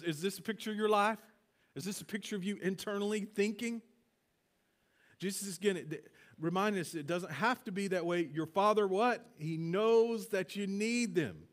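A man with a notably high voice preaches to his church congregation. He talks in an earnest, conversational way, stumbling over repeated words and calling on the people to say phrases back to him. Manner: earnest, halting, leads congregation call-and-response. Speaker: pastor. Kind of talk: conversational sermon. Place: church sanctuary.

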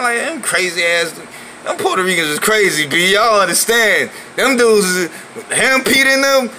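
A middle-aged man talks straight to camera, animated and full of slang, acting out the other people's voices as he goes. His voice is bright and forceful. A faint hum of air conditioning and traffic sits behind him. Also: medium pitch, poor audio. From New York City. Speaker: vlogger telling a personal story. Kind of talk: casual storytelling to camera.

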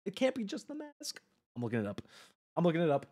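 A man commentating a live game stream for his chat. His voice sits a little high and swings widely as he jokes, swears and gets worked up, while soft music plays faintly behind him. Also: quick pace. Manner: excitable, jokey, swears, talks to chat.

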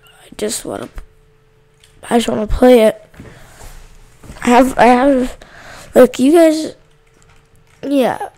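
Slow-talking woman with a gravelly voice. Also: on the high side. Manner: chatty, talks to viewers and yells at game characters. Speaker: gaming channel host. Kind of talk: casual let's-play commentary.

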